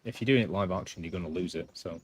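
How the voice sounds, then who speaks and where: A man's voice: sits low, quick pace, slight background noise. A man, not American, chatting casually while playing through a game live. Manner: chatty, offhand, rambling. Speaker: gamer streamer. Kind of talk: casual gameplay commentary.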